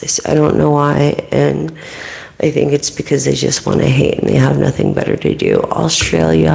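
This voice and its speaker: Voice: medium pitch, vocal fry, darkish tone, low-quality recording. A tarot and oracle card reader giving a casual live-stream reading, rambling, swearing constantly and chatting straight to viewers by name.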